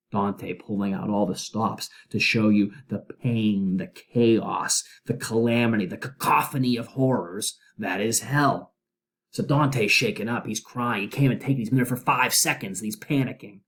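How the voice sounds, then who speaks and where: A man's voice: medium pitch, unhurried. Man lecturing and dramatically reading verse. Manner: reads verse aloud with dramatic emphasis, then explains casually. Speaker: teacher.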